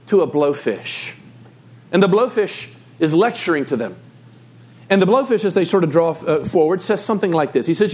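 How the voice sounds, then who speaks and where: A man's voice: sits high, a little mellow. A man preaching a sermon as pastor, talking to the congregation in a conversational, storytelling way.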